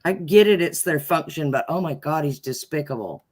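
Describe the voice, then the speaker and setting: A woman's voice: deep voice, moderate pace, a little mellow, husky. A woman co-hosting a casual livestream chat about a trial, ranting indignantly with sarcastic complaints. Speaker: co-host.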